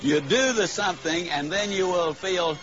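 Animated high-voiced male motivational speaker. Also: soft background music. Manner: animated, drawn-out emphasis on punchlines. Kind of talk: storytelling speech to a live audience. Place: in front of an audience. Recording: slightly dull, faint background hiss.

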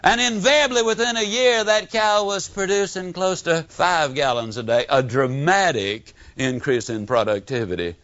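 A man's voice: a little high, normal speed, few pauses, no echo. An older man from Mississippi with a Southern accent, giving a motivational speech full of folksy stories and acted-out quotes. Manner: animated storytelling with folksy humor and acted-out quotes. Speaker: motivational speaker. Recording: dull lo-fi audio.

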